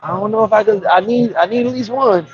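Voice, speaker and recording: A man voicing his reckless, gun-toting cousin from the South in an excitable, incredulous tone. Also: high voice, fairly quick, muffled recording, soft background music, pitched above the performer's own voice, lightly acted. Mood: eager.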